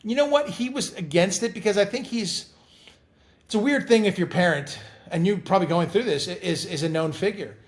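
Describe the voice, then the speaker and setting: A middle-aged man chatting as an interview guest, telling animated stories and often repeating words as he talks. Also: high-pitched, brisk. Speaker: guest actor. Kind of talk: casual interview chat.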